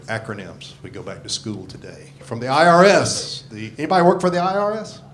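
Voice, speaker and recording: Gruff profane man in his sixties. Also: medium pitch, big pitch swings, a little fast. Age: 60s. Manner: gruff, profane, self-mocking. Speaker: stand-up comedian. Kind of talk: stand-up comedy set. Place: comedy club stage. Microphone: handheld stage mic. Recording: live club recording with crowd laughter. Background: audience laughing.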